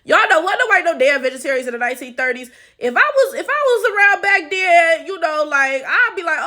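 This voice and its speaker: Host type: woman with a high voice, crude, joking, rambling film reaction commentary. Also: lively intonation, brisk, hardly any pauses, sharp tone. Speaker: channel host.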